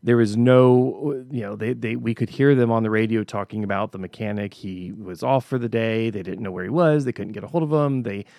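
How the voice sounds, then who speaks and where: Gravelly man telling a story. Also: fairly low pitch, fairly quick, few pauses, darkish tone, no room sound, studio quality. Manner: conversational storytelling with frequent restarts. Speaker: podcast host. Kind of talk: casual reflective monologue.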